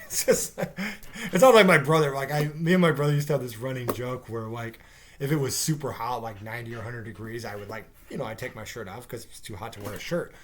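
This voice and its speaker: A man with a medium-pitched voice reviews a TV episode casually at a quick pace, with slight background noise. He rambles, gets sarcastic, and swears, using plenty of fillers.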